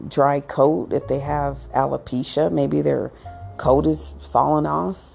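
A woman giving pet-owner advice talks casually to viewers in a rambling, chatty monologue with acted asides and frequent restarts. Her low voice is warm, with vocal fry.

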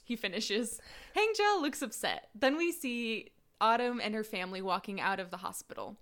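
A woman's voice: mid-range voice, sing-song, normal speed, a bit bright. A woman co-hosting a casual podcast, recapping episodes of a drama series, laughing often and going straight into the recap narration.

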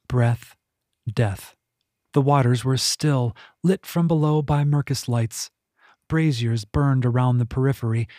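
A man narrates a fantasy audiobook in a measured storytelling manner. His voice sits mid-range. The recording is dry and close. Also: mid-range voice, darkish tone, dry recording. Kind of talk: scripted narration.

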